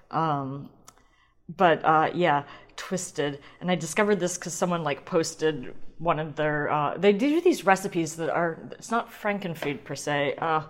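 A woman hosting a wine podcast alone at home, talking in a chatty, rambling, self-deprecating way, swearing now and then as she gushes. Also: low-pitched. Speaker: podcast host. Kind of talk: casual solo wine podcast chat. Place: home kitchen.

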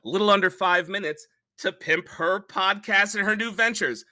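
A man's voice: high voice, moderate pace, sharp tone. A man hosting a podcast, chatting casually in a rambling, jokey way with many fillers. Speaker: podcast host. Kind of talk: casual chat.

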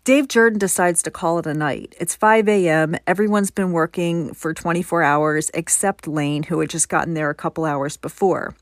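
A woman's voice: fairly low pitch, steady tone, moderate pace, few pauses, dry recording, clean studio sound. A woman hosting a podcast, telling a story in a conversational way and adding her own opinions. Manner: conversational, gives personal opinions. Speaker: podcast host. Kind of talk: scripted podcast narration.

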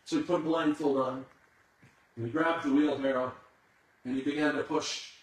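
A man's voice: fairly high pitch, fairly even intonation, moderate pace, long pauses. A man preaching a sermon as a dramatic storyteller who builds suspense. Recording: echoey hall, far from the mic.

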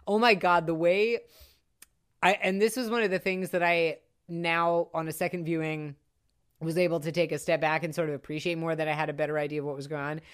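Woman co-host, smooth, slightly low voice, chatty and animated, frequent fillers. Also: brisk. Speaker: podcast co-host discussing a film. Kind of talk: casual chat.

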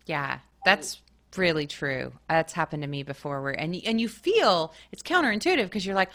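A woman's voice: fairly low pitch, lively intonation, a little fast, a bit bright. Upbeat woman podcast host. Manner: chatty and upbeat, acts out her own thoughts in quoted voices. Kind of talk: casual interview chat.

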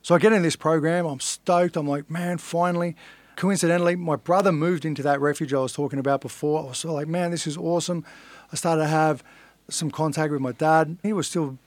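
A man's voice: on the high side, steady tone, fairly quick, no echo. Blunt man telling his story. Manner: blunt, earnest, swears casually. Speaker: guest, fighter. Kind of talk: casual storytelling interview.

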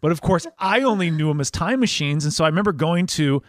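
Chatty Wisconsin man, slightly high, dry. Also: lively intonation, quick pace, no room sound. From Wisconsin, USA. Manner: chatty storyteller, laughs often, acts out dialogue. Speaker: podcast host. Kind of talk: casual interview chat.

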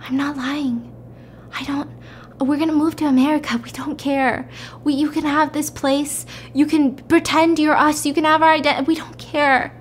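A woman voicing a desperate man who pleads in a hushed voice to let his family go. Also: sits high, flat delivery, moderate pace, slight background noise, pitched above the performer's own voice, natural voice. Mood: pleading.

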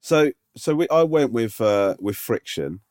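Chatty podcast co-host, dry sound. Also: male voice, mid-range voice, animated, unhurried, darkish tone, no room sound. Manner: chatty, teasing, stumbling restarts. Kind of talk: casual chat.

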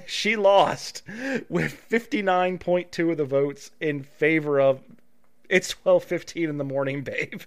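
A man's voice: a little high, smooth. A man co-hosting a podcast, chatting casually and acting out quoted lines with laughter. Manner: animated storyteller, acts out quotes with a laugh. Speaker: podcast co-host. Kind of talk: casual chat.

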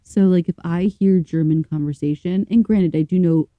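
A woman co-hosting a podcast, chatting casually, reading stories aloud and thinking out loud with fillers and restarts. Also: on the low side, fairly even intonation, moderate pace, dry recording, phone-quality sound. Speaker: podcast co-host.

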